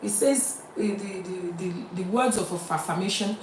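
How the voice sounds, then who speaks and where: A woman's voice: medium pitch, normal speed, a little hiss or hum. A Nigerian woman hosting a live-streamed talk show, chatting with viewers and reading out their comments as she switches between English and Yoruba. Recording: roomy, distant mic with faint ambience.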